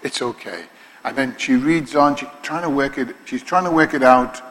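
A man with a Liverpool accent preaching a sermon, moving from quiet conversational asides to loud, slow, drawn-out proclamations. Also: mid-range voice. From Liverpool, England. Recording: long hall reverb.

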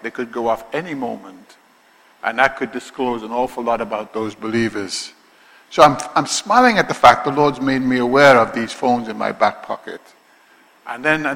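A man with a Liverpool accent preaching a sermon, moving from quiet conversational asides to loud, slow, drawn-out proclamations. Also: mid-range voice. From Liverpool, England. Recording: long hall reverb.

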